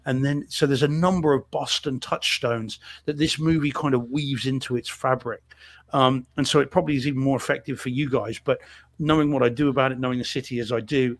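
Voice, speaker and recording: Chatty male film reviewer. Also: medium pitch. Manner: chatty, many fillers and restarts. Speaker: podcast co-host reviewing films. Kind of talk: casual chat.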